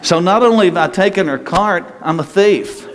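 A high-pitched man preaches at a moderate pace to his congregation in a church sanctuary. His sermon is conversational and folksy, full of jokes with the pews, and the recording carries long hall reverb and faint ambient noise.

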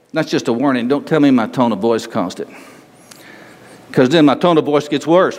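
A man's voice: fairly high pitch, sing-song, a little fast. An older man preaching a sermon as pastor, emphatic and repetitive, asking the congregation rhetorical questions. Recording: long reverb of a large hall.

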